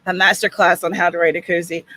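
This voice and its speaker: A woman's voice: fairly low pitch, flat delivery, fast talker, sharp tone, rough recording. Chatty woman hosting a livestream. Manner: chatty, reads comments aloud with little asides. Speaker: host. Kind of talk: casual livestream chat.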